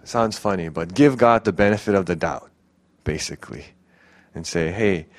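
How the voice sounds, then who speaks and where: A man's voice: low-pitched, normal speed. A young man preaching a casual, earnest sermon as a youth pastor, pleading, with many fillers and restarts.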